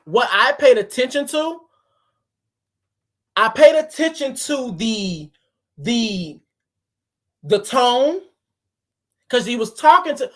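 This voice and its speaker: A woman's voice: fairly high pitch, big pitch swings, slow, long pauses. A woman reacting to a podcast clip, closely picking apart the tone and wording of what was said. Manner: analytical, picks apart tone and wording. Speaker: reaction commentator. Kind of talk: reaction commentary.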